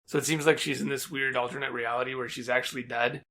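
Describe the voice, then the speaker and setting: A man co-hosting a book podcast, recapping the plot in a relaxed, joking way. His voice has a gravelly texture. The tone is bright and forward. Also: mid-range voice, fast talker. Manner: jokey, recaps plot with asides and laughs. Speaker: podcast co-host. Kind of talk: casual book recap chat.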